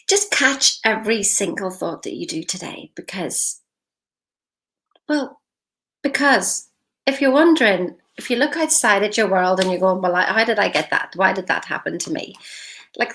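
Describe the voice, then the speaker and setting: Brief: woman, motivational live-stream speaker, upbeat and encouraging, laughs often, mid-range pitch. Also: a bit bright, low-quality recording. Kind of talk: motivational talk.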